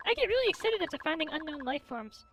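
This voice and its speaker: A woman's voice: high-pitched, big pitch swings, fast, vocal fry, faint music behind, heavily acted. A woman reading a curious, apologetic young researcher.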